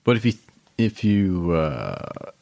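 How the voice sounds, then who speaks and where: A man co-hosting a true crime podcast, chatty and playful, quick to agree and joke along. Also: sits low, sing-song, gravelly, darkish tone. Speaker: podcast co-host.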